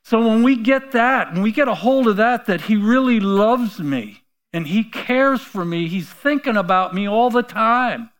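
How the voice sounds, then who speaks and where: A man's voice: sits high, lively intonation, unhurried, fairly bright tone. A man preaching an informal sermon in a rambling, folksy way, chuckling between points. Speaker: pastor.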